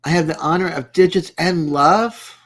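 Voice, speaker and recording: A woman with a lowish voice talks at a moderate pace while hosting a casual livestream from home. Giggly and teasing, she chats with her live viewers and calls them by name.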